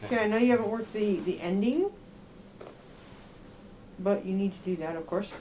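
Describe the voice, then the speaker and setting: A woman gives frank, hands-on feedback to a student in a music lesson, her voice sitting at an ordinary middle pitch. She gets her points across with homely comparisons. She sometimes sings a rhythm on nonsense syllables to show how it should go. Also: moderate pace, warm tone, slight background noise. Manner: direct, explains with everyday comparisons. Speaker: euphonium teacher.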